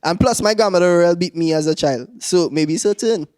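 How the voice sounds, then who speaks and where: A man's voice: sits high, brisk, a little mellow. A young man with a Trinidadian accent performing a stand-up comedy set, laughing through his own lines as he tells stories. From Trinidad and Tobago.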